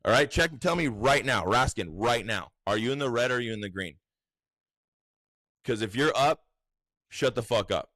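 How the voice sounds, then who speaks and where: A man doing a brash female official whose voice jumps well above his own and lands dry and close. She rants with crude defiance and stumbles over her words as she shouts down her critics. The delivery is loud and unrefined. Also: mid-range voice, animated, normal speed, long pauses, no echo, pitched above the performer's own voice, natural voice. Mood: brash defiant.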